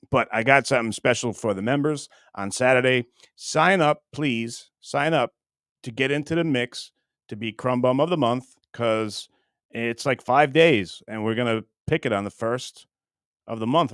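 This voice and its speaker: A man's voice: mid-range voice, a little slow, fairly bright tone, no echo, studio quality. A middle-aged man hosting a livestream in a casual, rambling, joking way, with plenty of crude humor. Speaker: livestream host.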